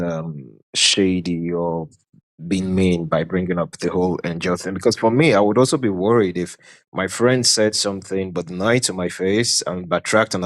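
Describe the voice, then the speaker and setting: Brief: male caller, low voice, measured opinion. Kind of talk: casual call-in comment.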